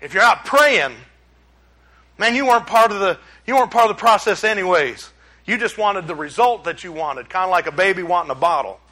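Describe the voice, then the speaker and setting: A middle-aged pastor, preaching a sermon in a folksy, emphatic way that climbs into exclamations. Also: male voice, high voice, animated, fairly quick, bright, forceful tone.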